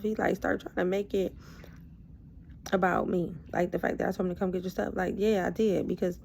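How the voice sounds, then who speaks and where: A woman's voice: fairly low pitch, a little fast, gravelly, slight background noise. A woman vlogger casually telling a personal story, loose and conversational, full of asides. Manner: animated, acts out both sides of a past argument.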